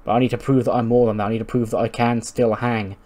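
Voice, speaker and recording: A man playing a proud woman wrestler set on proving herself. She speaks earnestly, with quiet resolve. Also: medium pitch, little pitch movement, quick pace, close to an everyday voice. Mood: determined. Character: determined female wrestler, proud and wounded.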